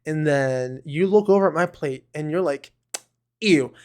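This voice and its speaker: Male podcast co-host, slightly high pitch, rambling chat with bursts of mock rant. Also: normal speed, a little mellow, smooth. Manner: rambling with fillers and restarts, bursts of mock outrage. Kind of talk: casual chat.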